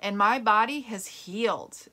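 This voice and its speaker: A middle-aged woman hosts her own health show, chatting straight to her audience in an earnest, rambling way. She circles back, restarts her sentences and leans on fillers as she talks, at an ordinary pitch for a woman. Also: measured pace, pushed and bright. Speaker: host of a plant-based health channel. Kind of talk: casual talk to camera and podcast listeners.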